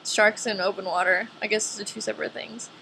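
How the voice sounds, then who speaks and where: A woman's voice: mid-range voice, fairly even intonation, a little fast, gravelly, sharp tone, slight background noise. A nineteen-year-old woman talking casually to camera in a vlog, chatty and filling her sentences with "like". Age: young adult. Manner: chatty, says "like" a lot. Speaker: vlogger.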